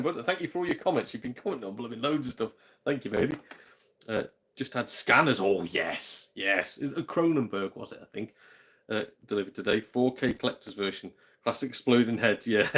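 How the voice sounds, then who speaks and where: Gaming host, British man, slightly low voice, loose rambling live-chat delivery. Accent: British English. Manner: chatty, rambling, swears mildly, drops to a hush. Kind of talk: casual live-stream chat. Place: home.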